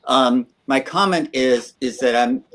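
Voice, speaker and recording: A man from the United States speaking on a talk show in a halting, self-deprecating way. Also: mid-range voice, fairly bright tone. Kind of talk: casual talk show chat.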